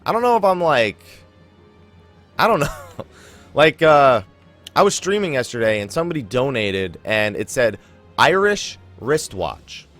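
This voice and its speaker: A young man hosting a let's play, commentating his gameplay in an animated, chuckling, self-mocking way, with faint game music behind him. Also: medium pitch, moderate pace, pauses often. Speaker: gaming channel host.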